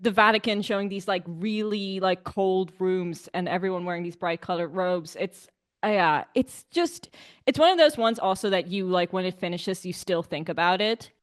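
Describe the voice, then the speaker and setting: A woman's voice: lowish voice, normal speed. A woman co-hosting a podcast, enthusiastically discussing a film in casual chat, filling her talk with "like". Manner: enthusiastic, many fillers like "like". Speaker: podcast co-host.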